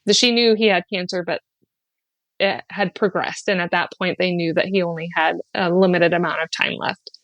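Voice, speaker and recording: A woman guest on a podcast telling a personal story in an earnest, heartfelt way, sliding into lively acted-out quotes and laughs, with many fillers. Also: on the low side, normal speed, no room sound. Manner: animated when acting out quotes, often laughing. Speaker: podcast guest, spiritual guide.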